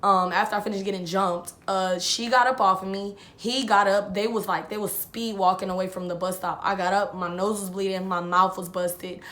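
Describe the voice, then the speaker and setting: A woman's voice: mid-range voice, steady tone, moderate pace, hardly any pauses, fairly bright tone. A young woman vlogger telling a personal story in a chatty way, repeating herself and calling her viewers "y'all". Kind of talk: casual storytelling.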